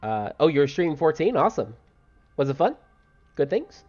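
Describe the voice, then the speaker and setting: A man's voice: on the high side, normal speed. A man streaming a game live in casual chat, laughing often and reading game lines aloud. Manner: excitable, loud greetings. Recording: slightly dull live-stream audio with faint music.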